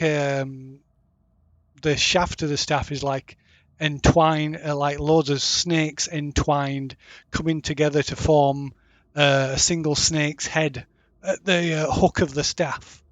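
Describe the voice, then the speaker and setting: A man narrates a tabletop game as its game master, feeling his way through each description. His voice sits a bit high and moves at an unhurried, hesitant pace. The sound is dry, with no room around it. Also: no room sound. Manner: slow, halting narration with many fillers.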